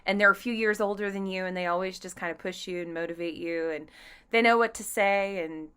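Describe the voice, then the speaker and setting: Bright, bubbly woman podcast host. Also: medium pitch, steady tone, a little fast, clear, resonant tone. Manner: bubbly, chatty, playful. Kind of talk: casual solo podcast chat.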